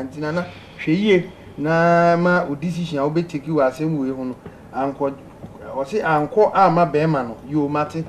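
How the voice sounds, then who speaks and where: Male call-in host, upbeat, reads messages and laughs; higher voice, light noise behind. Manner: lively, laughing, pleading with callers to speak. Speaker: radio host reading listener messages. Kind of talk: call-in advice show.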